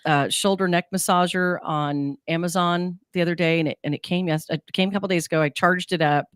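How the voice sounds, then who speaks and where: Chatty woman radio host, low voice. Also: steady tone, fairly quick, smooth, no room sound, studio quality. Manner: chatty, rambling with fillers and restarts. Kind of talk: casual morning radio chat.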